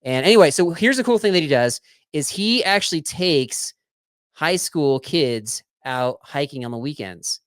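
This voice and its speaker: A man's voice: a little high, animated, moderate pace, no echo, studio quality. A man co-hosting a podcast, playfully reading trivia questions like a teacher and thanking supporters in casual chat. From Colorado. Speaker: podcast co-host.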